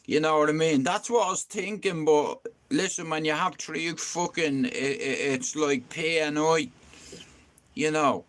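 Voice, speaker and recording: A young man with a raised, fairly high voice tells a long story on a live stream. He rambles and swears freely, and he keeps checking in with "you know what I mean". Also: measured pace, a bit bright. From Ireland. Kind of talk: casual storytelling to viewers.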